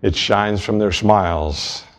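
A man's voice: fairly low pitch, takes it slowly. A man preaching a sermon, earnest and storytelling, driving points home through repetition.

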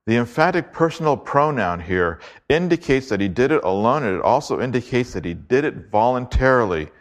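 A man preaching an expository sermon, reading scripture aloud and slowing down to stress key words. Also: medium pitch, animated. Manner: emphatic, deliberate, slows to stress key words.

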